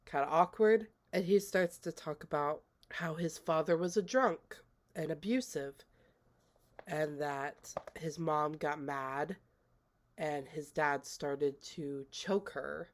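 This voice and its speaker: A woman's voice: sits low, takes it slowly. A woman casually recapping a movie she watched, chatty and rambling, with lots of fillers. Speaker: movie reviewer.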